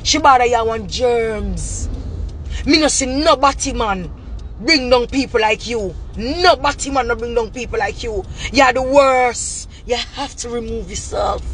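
A woman's voice: fairly high pitch, slight background noise. A woman with a Jamaican Patois accent delivering an angry, profane, repetitive rant straight to camera. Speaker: vlogger.

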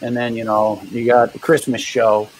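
A man's voice: medium pitch, level tone, a crowd in the background, low-quality recording. Man, street performer, easygoing storyteller full of restarts and quoted dialogue. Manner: rambling, halting anecdotes with quoted dialogue. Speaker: guest, street performer and juggler. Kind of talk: casual interview storytelling.

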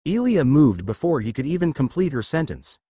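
A man's voice: on the high side, sing-song, moderate pace, warm tone, slightly rough, dry recording. A man reading fan fiction aloud as a narrator, telling the story expressively. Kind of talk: scripted fanfic narration.

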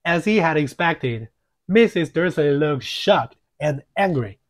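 Slow, measured male audiobook reader. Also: a little high, lively intonation. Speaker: audiobook narrator. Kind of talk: audiobook reading.

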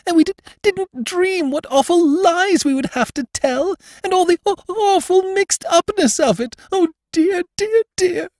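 Young bride, high voice, sobbing, stammering, storybook, dry recording. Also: male voice, unhurried, hardly any pauses, a little mellow, no room sound.

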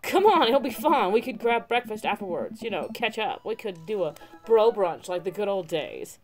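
A woman's voice: mid-range voice, animated, moderate pace, soft background music, close to an everyday voice. A woman voicing a laid-back male surfer-dude bro, a young father, with a drawling, slangy way of talking in a game let's play. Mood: upbeat.

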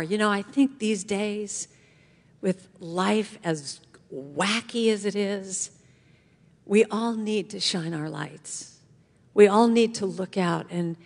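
A middle-aged woman giving an inspirational talk to a congregation, telling a story in an animated way and acting out the voices. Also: fairly low pitch. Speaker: guest speaker. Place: large church hall. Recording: long hall reverb.

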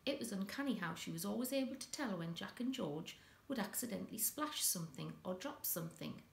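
A woman reading a children's story aloud with an expressive, dramatic delivery, in an echoey room. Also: medium pitch, brisk, creaky.

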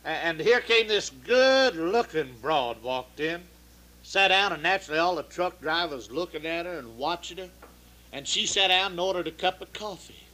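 A man's voice: on the high side, expressive, normal speed, sharp tone, rough recording. A man with a folksy drawl telling bawdy jokes, acting out the people in them. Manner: folksy drawl, acts out quoted voices. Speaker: comedian telling truck-stop jokes.

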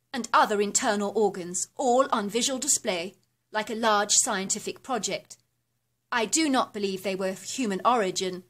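Woman reading a horror story. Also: mid-range voice. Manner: steady, descriptive storytelling with measured lists. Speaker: narrator.

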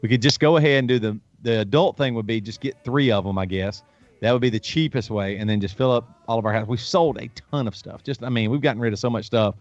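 A man's voice: mid-range voice, fast, no room sound. A man hosting a casual show, telling stories in a rambling way with many restarts. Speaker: host. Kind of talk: casual chat. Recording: dull lo-fi stream, faint music.

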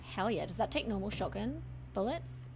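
A woman's voice: medium pitch, animated, moderate pace, background noise. A woman streaming a horror game, chatting to viewers, swearing and screaming at scares. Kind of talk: gaming stream commentary.

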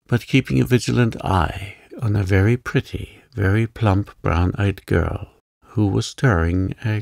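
A man narrating a bedtime story for sleep in a calm, soft-spoken, soothing way. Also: low-pitched, vocal fry, no echo, studio quality.

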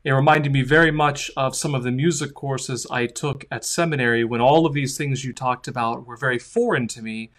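A man's voice: mid-range voice, a little fast, few pauses, a bit bright. A man, a priest, thanking the speaker and opening a question-and-answer session. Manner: gracious and appreciative. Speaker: priest moderating Q&A. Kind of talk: moderating a Q&A.

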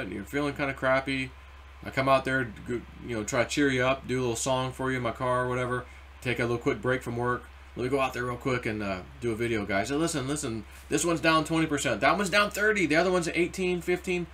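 Man, crypto vlogger, casual rambling chart talk, animated delivery, average pitch. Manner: rambling, animated, acts out quotes. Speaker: crypto YouTuber. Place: car or home desk.

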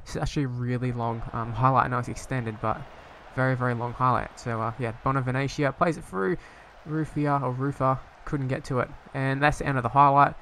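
A man's voice: mid-range voice, steady tone, quick pace, hardly any pauses, pushed and bright, a little hiss or hum. A young man casually commentating on his own football management game, rambling and hesitant, breaking into sweary frustration. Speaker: gaming YouTuber.

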